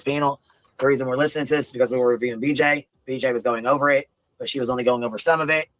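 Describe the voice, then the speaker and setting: A man's voice: mid-range voice, fairly even intonation, rapid-fire, a bit bright, no room sound, low-quality recording. A man co-hosting a livestream, talking casually and swearing as he rambles through his points. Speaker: stream co-host. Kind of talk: livestream commentary.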